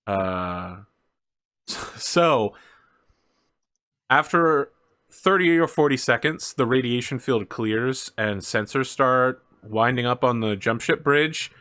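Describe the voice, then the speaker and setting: A man running a tabletop game as game master, narrating the scene in a relaxed way with fillers and quick asides. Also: medium pitch.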